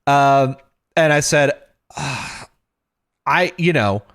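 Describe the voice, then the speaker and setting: A man's voice: on the high side, lively intonation, slow pace, fairly bright tone. A man hosting a podcast, telling a long story in casual chat. He acts out the people he quotes, swears, and laughs as he goes. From Texas. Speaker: podcast host.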